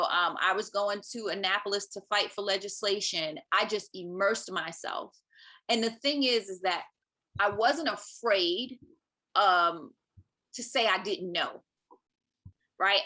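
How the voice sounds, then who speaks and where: A woman speaks as a podcast guest, her voice bright and forward at a middle pitch. She tells her story animatedly and often checks in with a quick "right?". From Maryland, US. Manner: animated, acts out quoted speech, often adds "right?". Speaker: podcast guest, parent advocate. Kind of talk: personal storytelling in conversation.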